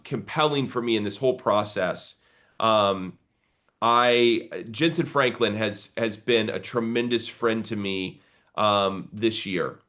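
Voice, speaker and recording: A man's voice: mid-range voice, fairly bright tone. A man who is a pastor, speaking earnestly on a live video call and building to a preacher's exhortation.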